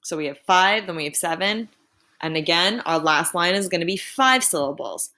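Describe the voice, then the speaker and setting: A woman teacher giving a remote lesson to students, clear and patient, slowing down to sound out words. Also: on the low side, expressive, sharp tone.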